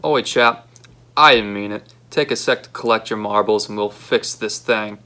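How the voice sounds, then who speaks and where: A young man voicing a gruff, easily angered male boss with a put-on Australian accent. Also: on the low side, normal speed. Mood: gentle. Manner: loud harsh barking, later softer.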